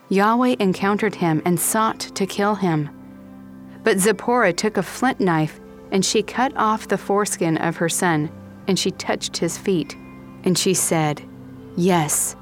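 A woman giving a plain, steady, measured reading of scripture. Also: medium pitch. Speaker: scripture reader.

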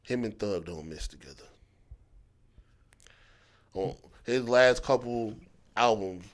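A man co-hosting a casual podcast chat, talking in loose bursts that trail off and restart, jumping between loud emphasis and low mutters. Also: slow. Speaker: podcast co-host.

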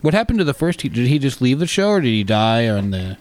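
A man co-hosting a podcast in casual chat, laughing often and firing off quick questions. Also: mid-range voice, big pitch swings, a little mellow. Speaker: podcast co-host.

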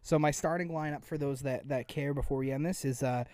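A man's voice: medium pitch, fairly even intonation, fairly quick, darkish tone, dry recording. A young man hosting a casual sports podcast, rambling with lots of fillers. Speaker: podcast host and editor.

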